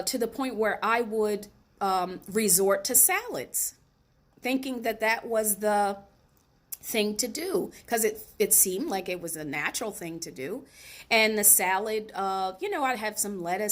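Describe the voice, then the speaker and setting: A woman speaking as host of her own show, relaxed and conversational as she tells a personal story. Her delivery is animated and chatty, and she talks straight to her viewers. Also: medium pitch, measured pace. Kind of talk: casual personal storytelling monologue.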